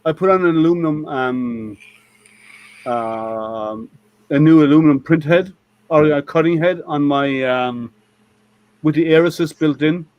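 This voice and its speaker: A man's voice: fairly high pitch, measured pace, pauses often, lo-fi sound. A man hosting a casual online maker hangout, chatty and laughing often, trailing off with ums. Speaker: host of a maker hangout stream. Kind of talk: casual chat.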